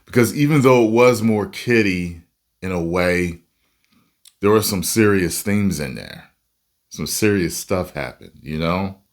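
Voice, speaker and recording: Very deep, slow-talking man commentator. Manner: animated, rambling, self-interrupting. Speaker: YouTube movie commentator. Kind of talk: casual reaction commentary.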